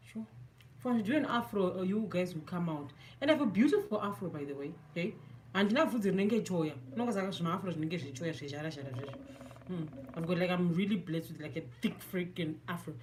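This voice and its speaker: A beauty vlogger from Zimbabwe, speaking in a lowish voice with a Zimbabwean accent, chats casually through a makeup tutorial. She's self-mocking and mixes English with Shona.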